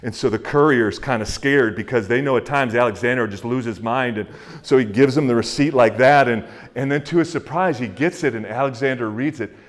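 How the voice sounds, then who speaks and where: Male pastor, mid-pitched voice, casual sermon delivery, talks it out with fillers, prays softly. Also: fairly quick, few pauses. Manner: conversational preaching with fillers and acted-out quotes; drops to a hushed, soft voice in prayer.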